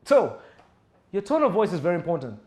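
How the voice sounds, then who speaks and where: A man teaches public speaking, his voice sitting a little high and swinging widely in pitch. He talks animatedly and keeps acting out sample voices to make his points. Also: brisk. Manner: animated, acts out example voices and tones. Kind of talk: lecture-style speaking class.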